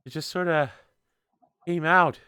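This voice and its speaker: A man voicing a frail, breathless young girl, in a high and hesitant falsetto. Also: fairly even intonation, unhurried, sharp tone, smooth, no room sound, clean studio sound. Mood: timid.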